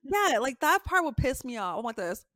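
A woman co-hosting a podcast in casual chat, animated and slangy, swearing freely and acting out what friends would say. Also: high voice, normal speed, crowd noise. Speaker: podcast co-host.

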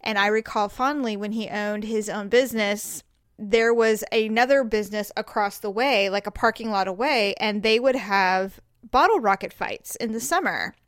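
A woman's voice: mid-range voice, moderate pace, no echo, studio quality. A woman hosting a podcast in casual chat, goofy and prone to silly voices. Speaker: podcast host.

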